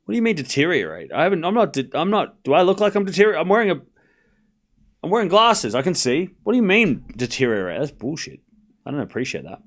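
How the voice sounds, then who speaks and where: An Australian man streaming live tennis play-by-play, trading quick, jokey back-and-forth with his chat. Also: fairly high pitch, very animated. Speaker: streamer calling a tennis match.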